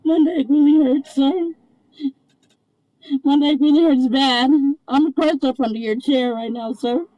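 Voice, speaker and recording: A woman's voice: high voice, steady tone, unhurried, pauses often, mellow, no room sound, low-quality recording. A young woman in pain, crying and begging over and over from the back of a moving police car. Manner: begging, repeating herself. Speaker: detained woman.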